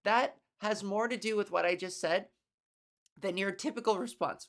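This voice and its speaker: A woman comedian hosting her own podcast, ranting casually with sarcasm, profanity and quick laughs. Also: medium pitch. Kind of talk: casual solo podcast rant.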